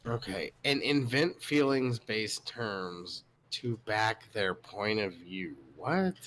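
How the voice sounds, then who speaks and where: A man's voice: on the low side, lively intonation, slow pace, a bit bright, slight background noise. Blunt, incredulous man co-host. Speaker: podcast co-host. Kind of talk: casual reaction chat.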